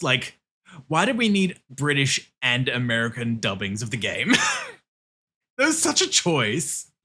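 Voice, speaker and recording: Husky, lively-voiced male streamer. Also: mid-range voice. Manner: excitable, swears often, laughs a lot. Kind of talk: casual livestream chat while gaming.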